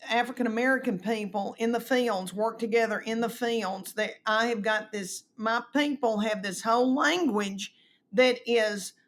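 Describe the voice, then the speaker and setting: A middle-aged woman with an East Tennessee Southern accent speaks at a normal pace in a slightly high voice. She's a guest comedian in a casual chat, spinning folksy stories with animation and acting out the quotes.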